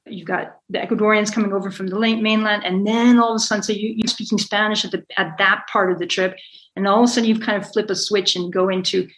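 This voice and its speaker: A woman's voice: medium pitch, steady tone, fast, a bit bright, low-quality recording. A middle-aged woman being interviewed, talking at length in a rambling, self-correcting way with frequent small laughs. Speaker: guest, sailor and author. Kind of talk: conversational interview.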